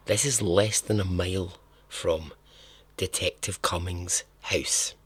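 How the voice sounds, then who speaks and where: Low-voiced man telling a crime story. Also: a bit bright, slightly rough. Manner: chatty and irreverent, swears, laughs at his own asides. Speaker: podcast host. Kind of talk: casual true-crime storytelling.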